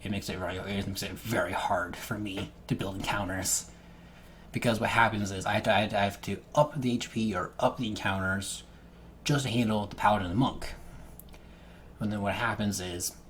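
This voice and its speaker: A man with a low voice speaks casually about running his games. He restarts often, doubling words as he searches for the next phrase. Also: fairly even intonation, a little fast, a bit bright, slight background noise. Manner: stammering restarts, repeated words. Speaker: game master. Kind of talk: casual talk to camera.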